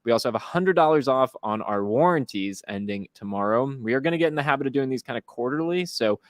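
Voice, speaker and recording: A man hosting a casual live-stream chat, upbeat and quick with promotional patter. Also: mid-range voice, animated, no room sound, clean studio sound. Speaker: host.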